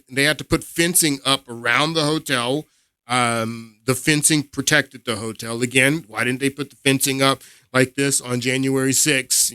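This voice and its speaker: Man, commentary host, bright forward voice, emphatic, talks straight to viewers, dry close sound. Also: mid-range voice, smooth, no echo. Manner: emphatic, addresses viewers directly, laughs in disbelief. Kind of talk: casual political commentary.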